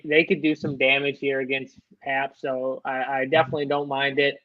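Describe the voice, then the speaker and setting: A man with a somewhat high voice, picking players in a loose and rambling way with plenty of "like" and "you know." His mic sounds dull and muffled, with a dry close sound and no room around it. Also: no room sound. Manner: loose, rambling, filler-heavy. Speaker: fantasy sports analyst. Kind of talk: casual live-show chat.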